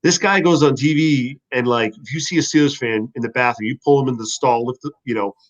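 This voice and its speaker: A man, a former football player, telling stories in a casual podcast chat, animated and profane. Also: mid-range voice, a little fast, muffled recording.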